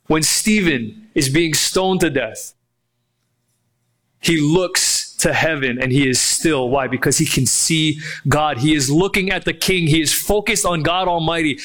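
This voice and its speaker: A man preaching a sermon as pastor, emphatic, asking rhetorical questions and slowing down on key phrases. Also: a little high, fairly bright tone.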